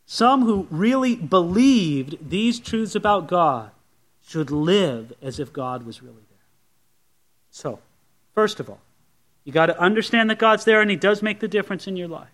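A man's voice: high-pitched, animated, measured pace, a bit bright. A man preaching a sermon, reading scripture and swinging between conversational asides and emphatic, rising declarations. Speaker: pastor.

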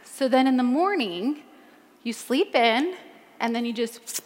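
The keynote speaker, founder of a makeup line, shares a personal talk with a crowd from the stage, speaking chattily with lots of ums. She sounds animated at a measured pace, her fairly high voice slightly cracked from screaming, echoing in a large hall.

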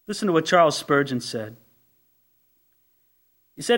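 High, bright-voiced impassioned preacher man. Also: sing-song, a little slow, long pauses. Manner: impassioned, swings between loud exclamation and quiet intensity. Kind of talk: expository sermon.

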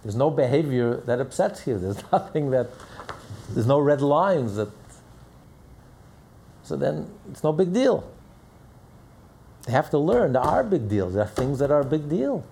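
A man's voice: medium pitch, very animated, unhurried, gravelly, long pauses, dark tone, a little hiss or hum. A man teaching a religious lesson in an emphatic manner, with rhetorical questions and repeated phrases. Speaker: Torah teacher.

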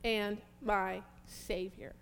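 A woman preaching a fervent, prayerful sermon, reading scripture slowly and emphatically. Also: mid-range voice, flat delivery, a bit bright, smooth.

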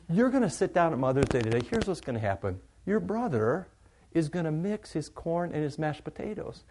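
A middle-aged male pastor giving a conversational, joking sermon, moving from quiet asides to loud, animated bursts. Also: fairly high pitch, fairly quick, slight background noise.

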